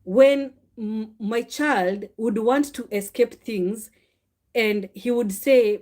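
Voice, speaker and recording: Brief: middle-aged woman, mother sharing faith testimony, animated and confessional. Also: a little high, slow. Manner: animated, confessional, acts out quoted dialogue. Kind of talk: personal faith talk, storytelling.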